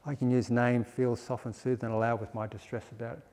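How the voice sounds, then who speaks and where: A man giving a dharma talk as a meditation teacher, explaining in a gentle way and laughing softly now and then. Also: mid-range voice, flat delivery, brisk. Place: meditation centre hall. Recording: long hall reverb.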